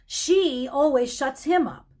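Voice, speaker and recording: A woman reading aloud, voicing a miserable, excitable young boy in an audiobook, speaking in agitated, near-tearful outbursts. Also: high-pitched, takes it slowly, pitched above the performer's own voice. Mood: wound up.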